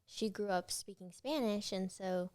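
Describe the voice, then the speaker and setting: A teenage actress talks easily through an interview, rambling into anecdotes with plenty of "like" and "um". Her voice sits at a middle pitch, and the recording is dry and close with no room sound. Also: unhurried, a little mellow, no echo. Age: late teens. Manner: chatty storyteller, many fillers. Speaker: guest actress. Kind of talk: casual interview chat.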